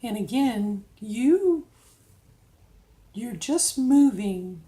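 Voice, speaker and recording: A woman's voice: fairly high pitch, animated, drawn-out words, dark tone. A middle-aged woman casually coaching viewers through voice drills, checking in with frequent "okay?"s. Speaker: vlogger giving voice training tips. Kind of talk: casual instructional vlog.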